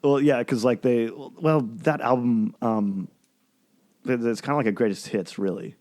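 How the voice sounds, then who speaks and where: A man co-hosting a podcast, chatting casually about music in a halting, rambling way with lots of fillers and restarts. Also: mid-range voice, dark tone. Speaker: podcast co-host.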